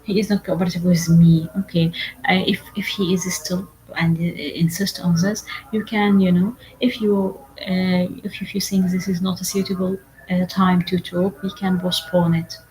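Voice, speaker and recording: Lowish-voiced woman lecturer, halting delivery. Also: level tone, a little mellow, poor audio. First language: Arabic. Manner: repetitive, with many fillers and restarts, often asks "okay?". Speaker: medical exam lecturer. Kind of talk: online lecture.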